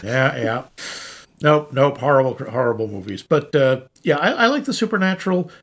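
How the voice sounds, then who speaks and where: A man co-hosting a casual podcast, playful and quick with reactions. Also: mid-range voice, expressive. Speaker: podcast co-host.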